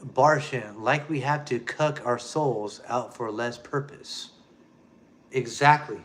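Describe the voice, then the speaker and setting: A man's voice: mid-range voice, slow pace, a bit bright. A man hosting a show, delivering a heated, emphatic rant and speaking straight to his listeners, repeating key phrases. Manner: emphatic, repetitive, keeps addressing listeners directly. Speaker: show host. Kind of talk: ranting monologue.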